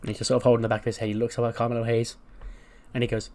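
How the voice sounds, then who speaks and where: Brief: man, casual game narration, hedgy, mid pitch. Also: monotone, racing, darkish tone. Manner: casual, hedging with "like, sort of". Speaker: gaming YouTuber. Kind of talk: narrating a wrestling sim playthrough.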